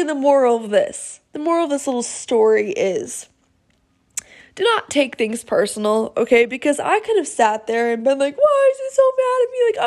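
A young woman hosting her own podcast, telling a story in a chatty, animated way and often checking in with "okay?". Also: on the high side. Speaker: podcast host. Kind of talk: casual storytelling monologue. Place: home, seated in a noisy chair.

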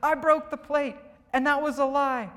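A jittery cartoon asparagus boy in a raised, squeaky voice, put on by a man. He sounds worked up and earnest. The voice rings out in a hall with a long tail of reverb. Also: fairly even intonation, moderate pace, bright, forceful tone. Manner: high, worked-up confessing.

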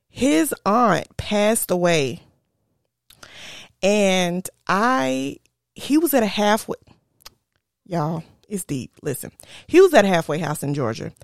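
A young woman hosting a podcast, telling a personal story in a chatty, animated way and talking straight to her listeners. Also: medium pitch, a little slow, creaky, no echo, clean studio sound. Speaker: podcast host. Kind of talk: casual storytelling.

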